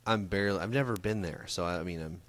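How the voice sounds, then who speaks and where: A man hosting a podcast in relaxed, joking casual chat. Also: low voice, fast. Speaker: podcast host. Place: San Francisco area.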